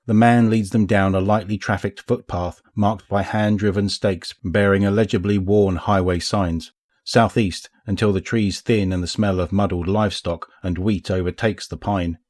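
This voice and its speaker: A man with a low voice reads a story aloud as scripted narration. His delivery is measured and even, suited to an audiobook. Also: dry recording, clean studio sound. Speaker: audiobook reader.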